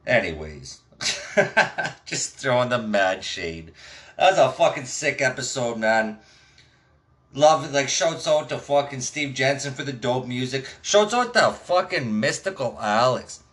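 A man's voice: medium pitch, fairly bright tone. A man hosting his own podcast in a casual, laid-back way, swearing constantly as he chats. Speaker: podcast host. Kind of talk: casual stoner podcast chat.

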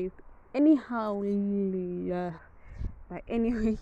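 This podcast host, a Kenyan woman, speaks at medium pitch in a slightly mellow voice, captured on a rough recording outside where wind noise carries. Her casual monologue wanders and she repeatedly corrects herself.

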